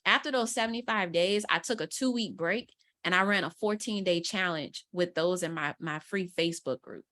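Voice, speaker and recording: Woman, lively storyteller, acts out quotes, casual interview talk. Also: lowish voice, normal speed. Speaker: guest mentor, content strategist.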